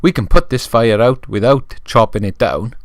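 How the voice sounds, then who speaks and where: A man voicing a grown-up fireman in a toy story, steady and reassuring. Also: medium pitch, normal speed, dry recording, studio quality, lightly acted.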